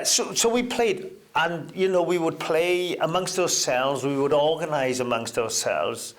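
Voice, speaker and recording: Older man telling stories. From Wales. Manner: reminiscing, with hesitant fillers and sudden lifts in pitch. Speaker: interview guest. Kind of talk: relaxed anecdotal storytelling.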